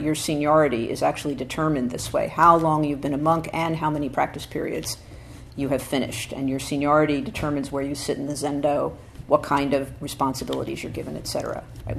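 A woman with a low voice gives a dharma talk as a Zen teacher at a practice center. She speaks thoughtfully, stresses quoted passages, and keeps checking in with her listeners. Faint noise sits behind her. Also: gravelly. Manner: thoughtful, often checks in with "right?"; reads quotations slowly and with emphasis.

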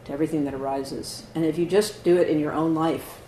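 A man's voice: a little high, fairly even intonation, quick pace, warm tone. Conversational man giving a talk in an echoey hall. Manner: conversational, frequent "right?" and "you know". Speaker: Zen teacher giving a dharma talk. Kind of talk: dharma talk answering questions. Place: meditation hall. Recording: echoey hall, faint noise.

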